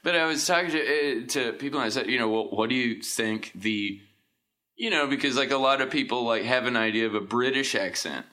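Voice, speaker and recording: A man's voice: mid-range voice, fairly quick, bright, forceful tone. A man talking as a podcast guest in casual chat, rambling through tangents with plenty of fillers and restarts.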